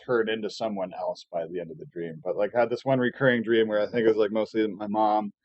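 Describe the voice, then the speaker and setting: A man's voice: lowish voice, fairly even intonation, fast, dry recording, muffled recording. A man streaming a casual, rambling rant full of filler words and profanity, often sarcastic and mocking. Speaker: live streamer. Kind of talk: casual ranting monologue.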